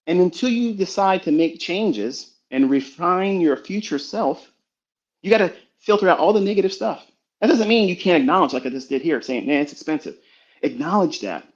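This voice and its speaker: A middle-aged man giving a blunt, profane motivational lecture full of rhetorical questions, on a dull recording. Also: mid-range voice. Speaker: trading mentor. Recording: dull lo-fi sound.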